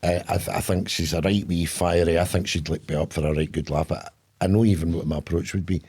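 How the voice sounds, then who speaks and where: A man's voice: low-pitched, fairly even intonation, fast, darkish tone, breathy edge. An older man, co-hosting a casual comedy chat with bawdy, jokey banter. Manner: bawdy, jokey banter with put-on quoted voices. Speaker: co-host.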